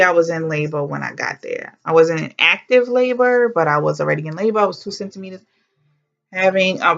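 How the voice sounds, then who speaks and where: Gravelly-voiced woman telling her story. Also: lowish voice, highs cut off. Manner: chatty and heartfelt, with exclamations and slang. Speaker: vlogger. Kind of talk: casual personal storytelling.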